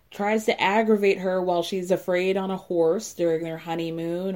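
A woman's voice: on the low side, warm tone. A woman hosting a podcast, recapping a reality show in casual, blunt and mocking commentary into a close mic. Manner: sarcastic, mocking and blunt, with filler "like".

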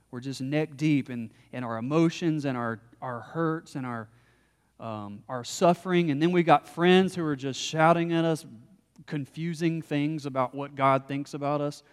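A man preaching a sermon as a pastor, impassioned and rising to loud emphasis. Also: fairly high pitch, measured pace, clear, resonant tone, long reverb tail.

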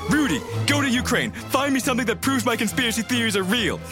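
A man voicing a brash, boastful male politician in a quick comic impression. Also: very high voice, expressive, music in the background, pitched above the performer's own voice.

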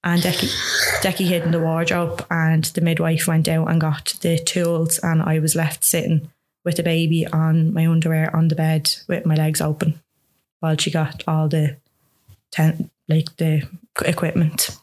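An Irish woman in her younger years, with a low, steady voice that barely rises or falls. She recounts a personal story to an interviewer frankly and earnestly, peppering her speech with "like". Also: moderate pace. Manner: earnest, frank, lots of "like" fillers. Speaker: guest.

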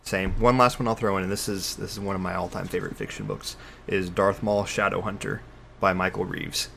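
Deep-voiced man in casual podcast chat. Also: lively intonation, a little fast, gravelly, a bit bright, slight background noise. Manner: rambling, with many restarts. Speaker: podcast co-host.

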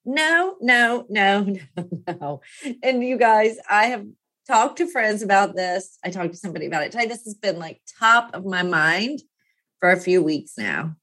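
A woman in her fifties speaks candidly and at length about something personal. She rambles, drops thoughts halfway and picks them up again, with frequent small laughs. Her voice sits at an ordinary middle pitch and sounds close and dry, with no room echo. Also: expressive, normal speed, a bit bright. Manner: rambling and heartfelt, laughs often, trails off and restarts.

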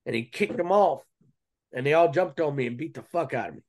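Dude telling his story on a podcast, casual and earnest, lots of restarts, voice a bit on the high side. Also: animated, a little fast, darkish tone. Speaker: podcast guest.

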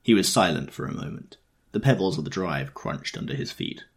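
A man reading a novel aloud in a measured, first-person storytelling manner. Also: deep voice, big pitch swings, gravelly, slightly rough. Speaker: audiobook reader.

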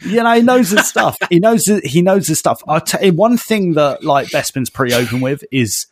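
A man co-hosting a podcast in casual chat, chatty and quick to laugh, calling people "mate". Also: on the high side, animated, slight background noise. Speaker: podcast co-host.

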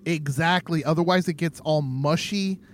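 A man's voice: a little high, moderate pace, slight background noise. A man co-hosting a podcast in casual chat, jokey and playful, laughing often. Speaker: podcast co-host.

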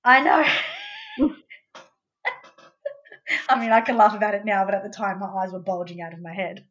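Australian woman, interview guest, conversational storytelling, mid pitch, slightly dull sound. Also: normal speed. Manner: conversational storytelling, quotes her son in a lively voice. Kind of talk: casual interview.

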